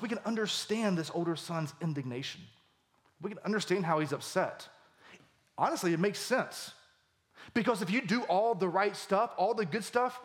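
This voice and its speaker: A male pastor preaching a sermon with animated emphasis, his voice climbing for key points. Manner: animated, voice rising high for emphasis.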